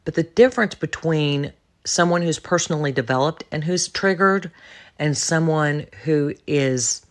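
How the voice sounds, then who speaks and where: A woman's voice: low voice, unhurried. A woman talks alone on her podcast about personal growth, speaking bluntly and with conviction. She stresses key words by repeating them and often turns to address the listener directly. Her delivery stays self-assured and emphatic throughout. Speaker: podcast host. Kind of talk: solo monologue on personal development.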